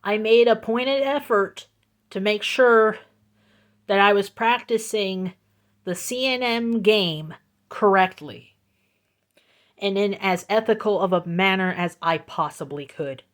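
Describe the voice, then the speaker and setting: A woman recounts a personal story in a storytime vlog, speaking into her phone. She talks at an unhurried, slow pace and keeps a mid-range pitch. Her delivery is deliberate and emphatic, and she repeats her points for weight. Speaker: vlogger.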